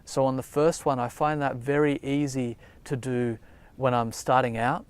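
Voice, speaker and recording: Gentle man guiding a meditation. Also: medium pitch, steady tone, moderate pace, smooth. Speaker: meditation teacher. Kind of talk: calm spoken meditation guidance. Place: outdoors.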